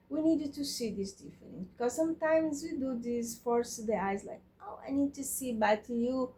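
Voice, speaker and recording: A woman teaching eye exercises in a casual way, halting and searching for words, speaking English as a non-native with Portuguese as her first language. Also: on the high side, warm tone, a little hiss or hum. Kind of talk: casual instructional talk.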